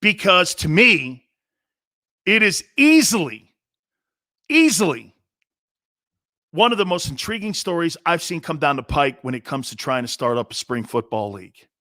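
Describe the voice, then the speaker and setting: This is a man in his fifties hosting a sports radio show. He rants about the game in a blunt, heated way, often stops to repeat himself, and speaks a little higher than most men. The recording is dry and close, with no room sound. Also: expressive, fairly quick, pushed and bright, no echo. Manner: blunt, fired-up storytelling with frequent repeats and asides. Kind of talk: opinionated talk-show monologue.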